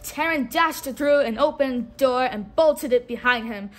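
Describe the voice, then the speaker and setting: Woman read-along storyteller, high voice, expressive, faint music in the background. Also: a little slow. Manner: expressive, prompts listener to repeat words. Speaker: storybook reader.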